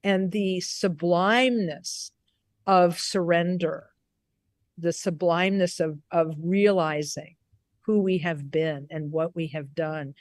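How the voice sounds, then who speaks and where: A woman Buddhist teacher telling a story on a video call, unhurried and given to restarts and repeated words. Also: lowish voice, no echo, studio quality. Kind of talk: storytelling in a recorded conversation.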